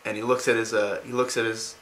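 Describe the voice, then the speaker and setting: A man's voice: lowish voice, level tone, quick pace, a bit bright, slight background noise, rough recording. A man casually retelling video game lore, rambling with many fillers.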